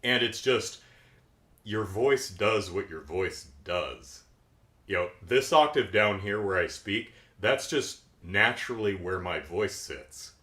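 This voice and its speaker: A deep-voiced middle-aged man talks through a cartoon episode in a loose, keyed-up way. His low voice swings widely in pitch as he chats. The room around him sounds echoey. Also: takes it slowly. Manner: animated, keyed-up, jumps into silly voices. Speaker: podcast host. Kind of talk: casual reaction commentary.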